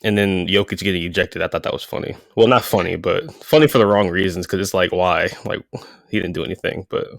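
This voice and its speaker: A man co-hosting a podcast, talking sports in a relaxed way with lots of fillers. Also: sits low, brisk, creaky, no echo, studio quality. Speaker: podcast co-host. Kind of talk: casual sports chat.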